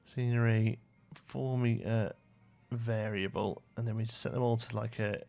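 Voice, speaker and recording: A man's voice: fairly low pitch, level tone, measured pace, vocal fry, a little mellow, soft background music. A young British man livestreaming a building game, rambling to himself and answering chat questions in a casual way. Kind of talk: casual live-stream chat while building.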